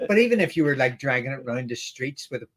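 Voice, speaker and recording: Lively teasing man in casual banter. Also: mid-range voice, fast, crowd noise. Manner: teasing, laughing, animated. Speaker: co-host.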